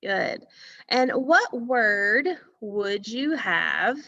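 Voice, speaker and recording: Woman teacher doing phonics online, slow and patient, bit of vocal fry. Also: mid-range voice, animated, sharp tone, highs cut off. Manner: slow, patient, repeats words and asks questions. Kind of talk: online phonics lesson for children. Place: school music room.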